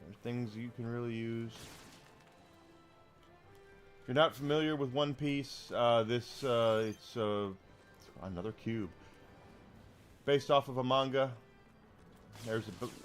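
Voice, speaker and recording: Streaming a video game, a man chats casually with his viewers and remarks on whatever he comes across, reading from chat between comments on the game. His voice sits at a medium pitch with a steady tone and a normal pace, and soft music plays in the background.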